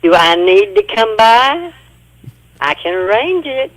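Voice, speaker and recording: A caller voicing a cackling, menacing wicked witch with a gravelly voice and a screeching laugh. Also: a little high, very animated, slow, dry recording, exaggerated voice. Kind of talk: call-in voice performance. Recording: loud noisy phone line.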